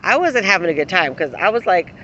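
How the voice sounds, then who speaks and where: A woman's voice: fairly low pitch, sing-song, a little fast, sharp tone, highs cut off, slight background noise. A middle-aged woman vlogging, telling rambling personal stories in a casual way, laughing often and swearing freely. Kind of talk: casual storytelling to camera.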